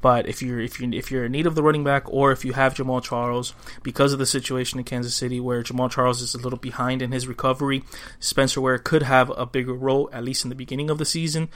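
A man's voice: medium pitch, level tone, fast talker, a bit bright. A man co-hosting a podcast, chatting casually and reading listener questions. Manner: conversational, reads listener mail. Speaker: podcast co-host. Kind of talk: casual chat.

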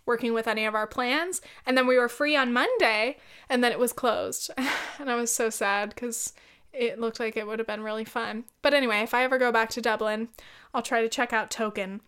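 A woman's voice: a little high, a little fast, fairly bright tone, smooth. A woman hosting a podcast, telling a casual story in a blunt, profane way and laughing often. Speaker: podcast host.

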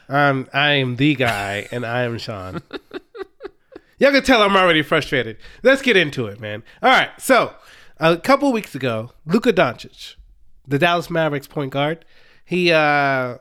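A young man with a notably high voice for a man co-hosts a casual sports podcast. He talks in an animated, exasperated, ranting way. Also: a little slow, pauses often. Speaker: podcast co-host.

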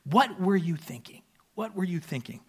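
Quoted worried mother, exasperated, pitched up a little, as a male preacher reads her. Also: wildly swooping pitch, slow pace, sharp tone, husky, exaggerated voice.

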